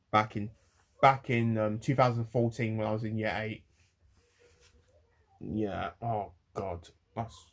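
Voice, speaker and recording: An eighteen-year-old man rants to camera, rambling, with many pauses and restarts. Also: on the low side. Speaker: vlogger. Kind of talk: ranting to camera.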